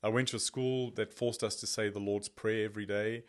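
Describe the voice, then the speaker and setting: Man with a lowish voice, podcast guest, animated self-deprecating testimony. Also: brisk. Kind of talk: personal testimony storytelling.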